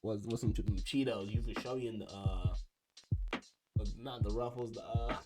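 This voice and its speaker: A man's voice: fairly low pitch, steady tone, moderate pace. A young man talking casually as he ranks food, rambling and restarting his sentences. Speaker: video creator ranking food. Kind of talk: casual commentary. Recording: music playing behind.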